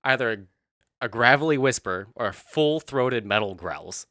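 Lively, laughing man recapping a show. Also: mid-range voice, moderate pace, no room sound, clean studio sound. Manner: animated, profane, laughs often. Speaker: host.

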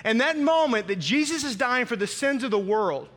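A man's voice: extremely high pitch, animated, moderate pace, hardly any pauses, a bit bright, in a large hall. A man preaching a sermon as pastor, emphatic and dramatic, with repeated phrases.

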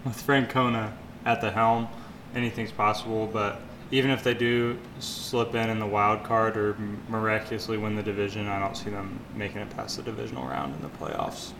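A man's voice: lowish voice, steady tone, normal speed, creaky. Laid-back male co-host, noisy recording. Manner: laid-back, talks through sports analysis. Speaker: podcast co-host. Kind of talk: casual sports podcast chat. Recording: noisy background.

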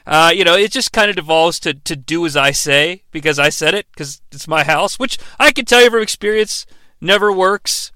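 An American man co-hosts a podcast, recapping a TV episode in a casual, comedic way full of profanity, jokes, and mocking voices. His fairly high voice is bright and forceful at a moderate pace, and there's no echo.

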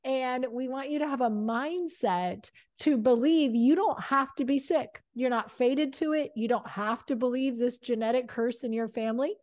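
A woman hosts a podcast, speaking in an encouraging, affirming way as she sums up her advice for listeners. Her voice is slightly high. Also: darkish tone. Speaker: podcast host. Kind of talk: casual podcast chat.

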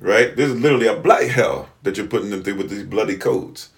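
A man's voice: on the low side, fast, vocal fry. A man giving a lecturing livestream talk, repeating "right?" and restarting his sentences, now and then addressing viewers and a partner off-mic. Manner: repetitive, rhetorical "right?" checks, stammering restarts; talks to live chat and a partner off-mic. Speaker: livestream host.

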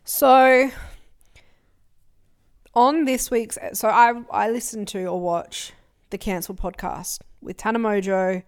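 A young woman talking in a casual, animated podcast chat. Her voice sits at an ordinary middle pitch. She tells stories with lively energy. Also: takes it slowly, clear, resonant tone. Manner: animated, quotes people in put-on voices. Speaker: podcast co-host.

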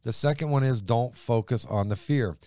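A man's voice: mid-range voice, normal speed, dark tone, no echo. A man in a faith talk speaks with emphasis, repeating key words and reading verses aloud. His mid-range voice is recorded close and dry, with no room sound. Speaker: co-host reading scripture.

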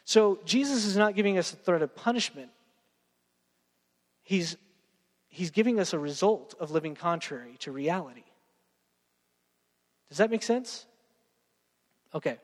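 A man's voice: sits high, animated, a little slow, long pauses, in a large hall. A young man, preaching a sermon in a casual, joking way and talking straight to his congregation. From Texas. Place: church sanctuary.

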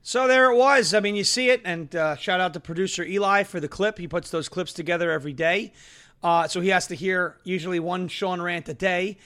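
A man hosting a political commentary show, talking loud and fast and ranting. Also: high voice, faint music behind. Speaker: host.

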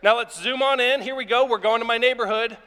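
A man from Ohio preaching a sermon as pastor, telling lively personal stories and speaking directly to his congregation. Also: very high-pitched, fast, clean tone. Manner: animated storytelling preacher, acts out yelling at his dog. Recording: long reverb of a large hall.

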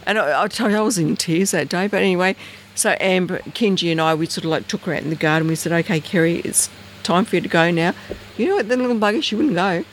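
Animated woman telling stories. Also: fast, a little hiss or hum, low-quality recording. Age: middle-aged. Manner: animated, jumps high in pitch for quoted voices. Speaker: guest storyteller. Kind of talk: casual outdoor chat. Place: outdoors at night in bush.

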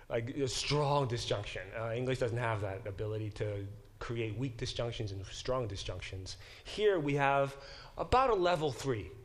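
A man teaching a Bible class as a professor, explaining words and passages, questioning his students and correcting himself as he goes. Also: mid-range voice. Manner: engaged, questions the class directly; corrects himself mid-sentence.

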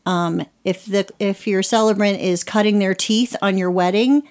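A chatty, animated woman born in the United States talks about her work as a wedding celebrant. She laughs easily and often drifts into playful put-on voices while telling stories. She speaks in an ordinary middle register. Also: mid-range voice, moderate pace. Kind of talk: casual podcast interview.

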